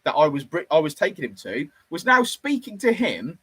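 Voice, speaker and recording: A man's voice: a little high, normal speed, husky, dry recording, low-quality recording. A man, telling a casual story from his garage workshop and acting out the other voices. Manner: lively, animated, acts out the other voices.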